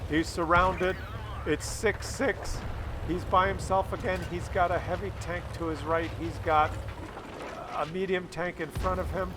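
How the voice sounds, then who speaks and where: A man commentating a tank game replay, animated and loud at big moments. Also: sits high, noisy background. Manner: animated, shouts and laughs at big shots. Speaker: gameplay commentator.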